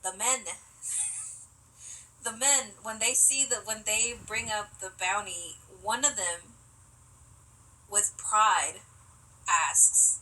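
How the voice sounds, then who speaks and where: A woman co-hosting a podcast, retelling movie scenes in an animated, laughing way. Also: mid-range voice, drawn-out words, pauses often. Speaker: podcast co-host. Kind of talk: casual movie recap chat. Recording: distant mic with faint background hiss.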